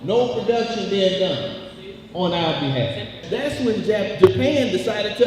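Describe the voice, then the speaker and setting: A man's voice: sits high, animated, unhurried, crowd noise. A man giving a rallying speech at a worker meeting, repeating phrases and calling on the audience to answer him. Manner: call-and-response exhortation, repeating phrases. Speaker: union meeting speaker. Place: large meeting hall. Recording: echoey hall, heard from far off.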